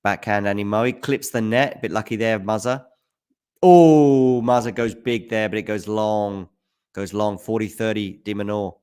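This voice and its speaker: A man with a fairly low voice calls a tennis match live on a stream in a loose, casual way. He talks back to viewers from the chat between points and jumps up loud at the big shots. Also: steady tone, normal speed, clear, resonant tone. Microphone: handheld mic at times.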